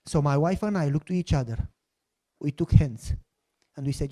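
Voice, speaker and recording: Emphatic and storytelling, a pastor recounts his testimony in a mellow, somewhat high voice at a moderate pace, pausing often. He speaks broken, non-native English and mimics the voices of people he quotes.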